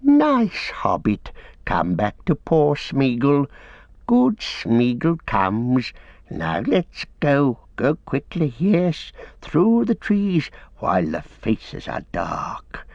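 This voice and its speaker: A man voicing a slimy, greedy, suspicious creature that hisses and wheedles, with wild leaps in pitch. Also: huge pitch swings, drawn-out words, creaky, darkish tone, no room sound, highs cut off, heavily acted. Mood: wheedling. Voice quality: hissing, wheedling, erratic swoops.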